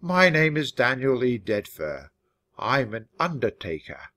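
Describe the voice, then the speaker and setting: A man reading aloud, voicing a gloomy, morbid male undertaker mouse in a slow, low, mournful tone. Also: very animated, bright, forceful tone.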